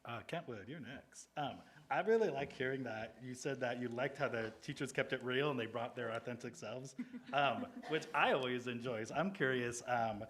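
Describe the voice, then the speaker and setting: A man's voice: medium pitch, moderate pace, a bit bright, slight background noise. A man moderating a panel at a school board meeting. He asks questions in an encouraging way. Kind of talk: meeting discussion.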